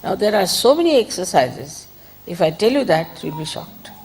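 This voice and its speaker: A woman giving an informal spiritual talk, conversational and digressive, gently admonishing her listeners. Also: lowish voice, sing-song, moderate pace, slight background noise, low-quality recording. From India. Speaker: spiritual teacher.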